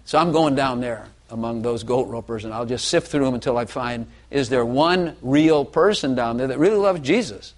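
Older man giving earnest confessional testimony. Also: mid-range voice. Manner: earnest, self-deprecating, halting. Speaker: speaker giving personal testimony.

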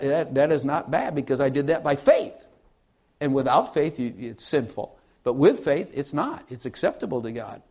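A man's voice: medium pitch, darkish tone. A man preaching a sermon in an earnest, conversational way, asking his listeners questions and often repeating and restarting his phrases. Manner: repeats and restarts phrases, varies volume widely.

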